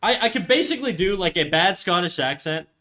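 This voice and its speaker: A man's voice: high voice, lively intonation, a little fast, pushed and bright. A man chatting casually on a live stream, rambling, self-deprecating and swearing freely. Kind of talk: casual livestream chat.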